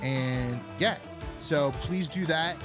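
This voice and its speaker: Higher-voiced man doing a sarcastic comedy rant. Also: slow pace, music in the background. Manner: rambling, sarcastic, filler-heavy. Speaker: podcast host. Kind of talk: unfiltered political comedy monologue.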